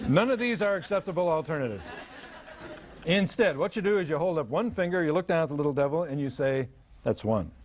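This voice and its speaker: In a fast-talking voice on the high side, with a little hiss or hum in the recording, an older man presents a live parenting seminar to an audience. His humorous stories come with acted-out parents and children.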